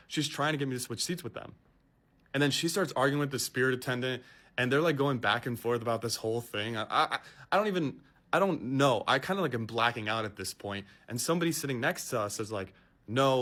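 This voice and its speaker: A man's voice: medium pitch, a bit bright. Exasperated man telling a story. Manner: exasperated, incredulous retelling. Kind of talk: casual storytime.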